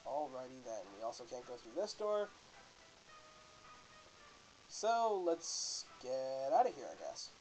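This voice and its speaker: A man's voice: medium pitch, animated, takes it slowly, pauses often, a little mellow, faint music behind, poor audio. Joking man doing let's play commentary. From Canada. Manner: casual, joking, self-correcting. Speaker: host.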